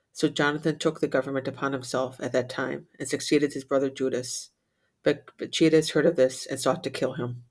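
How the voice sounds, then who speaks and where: This prayer leader, a man with a mid-range voice, recites liturgical prayer at an even, measured pace. When the Latin responses come, he runs through them briskly and softly.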